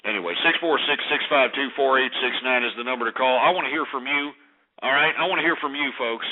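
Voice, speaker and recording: A man's voice: medium pitch, fast. A man hosting a political talk radio show, ranting angrily with profanity and insults. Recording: tinny phone-like radio audio.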